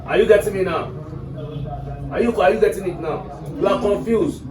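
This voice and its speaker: A man's voice: sits high, background noise. A man teaching an English lesson to a class, repeating his points and quizzing students with prompts. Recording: echoey room from far off, music behind.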